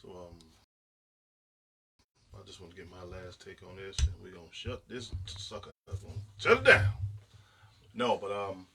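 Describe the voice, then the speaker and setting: A man's voice: sits low, animated, normal speed, long pauses, background noise. A man co-hosting a podcast in casual chat, making his points emphatically, as if lecturing. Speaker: podcast co-host.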